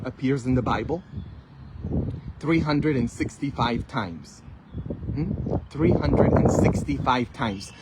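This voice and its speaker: Animated preaching priest, sudden loud peaks. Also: male voice, mid-range voice, measured pace, noisy background. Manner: emphatic, rhetorical questions, sudden loud peaks. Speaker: Catholic priest. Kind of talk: sermon.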